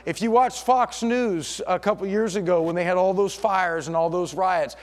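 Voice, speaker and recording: A middle-aged man preaching a sermon as pastor, swinging between loud emphatic passages and hushed storytelling. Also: sits high, moderate pace.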